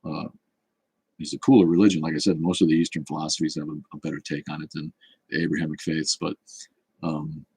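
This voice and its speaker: A man's voice: a bass voice, level tone, fairly quick, dark tone, breathy edge, low-quality recording. A man, hosting a casual livestream, talking in a snarky, rambling way full of restarts as he answers chat. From Boston area.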